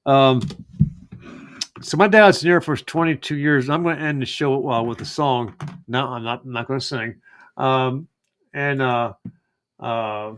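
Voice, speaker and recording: Smooth-voiced man, rambling host. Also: medium pitch, unhurried, long pauses, a bit bright. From United States. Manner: rambling, many fillers and restarts. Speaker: host of a live genealogy show. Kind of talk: casual live-stream chat.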